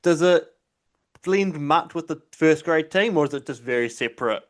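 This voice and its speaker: A man hosting a podcast, asking casual, curious questions in a relaxed chatty manner. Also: on the high side. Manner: casual, curious, quick to swear and laugh along. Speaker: podcast host. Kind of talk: casual interview.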